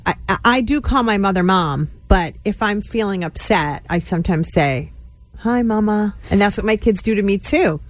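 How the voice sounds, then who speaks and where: A woman co-hosting a morning radio show, reacting with animated, lively chat. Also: medium pitch, moderate pace, hardly any pauses, no room sound.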